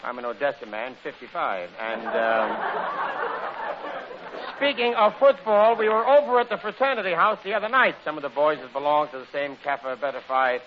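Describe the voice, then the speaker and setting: On an old radio show, a comedian runs through a chatty comic monologue and a one-sided phone sketch at normal speed. He's a rambling, jokey storyteller whose lively voice leaps around in pitch from gag to gag. The recording is dull and lo-fi with a faint hiss.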